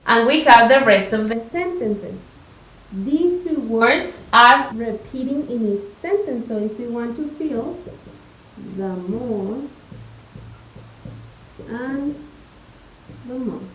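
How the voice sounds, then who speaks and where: A young woman from Mexico, teaching an English lesson slowly and patiently, spelling out each step. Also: a little high, animated, fairly bright tone. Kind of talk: recorded online lesson. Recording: echoey room.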